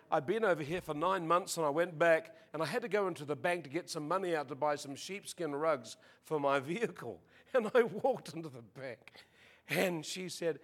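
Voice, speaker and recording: Man, Australian accent, high pitch, sermon, joking asides, exclamations of praise, slow emphatic scripture reading. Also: fairly bright tone. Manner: jokey, peppered with exclamations of praise; reads scripture slowly and emphatically. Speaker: visiting preacher.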